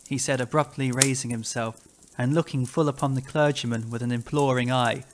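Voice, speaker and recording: A man narrating a classic ghost story in a measured, grave storytelling manner. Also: medium pitch, fairly even intonation, slight background noise.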